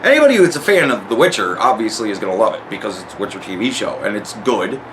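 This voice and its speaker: A man's voice: on the low side, very animated, fast talker, noisy background. A man giving a casual spoken review of a TV series, rambling and swearing a lot, often restarting his sentences. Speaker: show reviewer.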